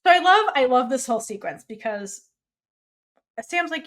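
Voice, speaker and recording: Brief: animated woman co-host, fairly high voice with a lively, swooping range, casual podcast chat. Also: moderate pace, long pauses. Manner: animated, acts out characters' lines in bursts of high pitch.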